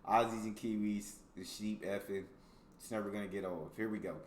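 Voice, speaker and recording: A man's voice: fairly low pitch, fairly even intonation, fairly quick, reverberant. Laughing American man reading jokes. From United States. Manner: laughs often, reacts loosely between readings. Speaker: reaction video host. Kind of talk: casual reaction commentary, reading jokes aloud.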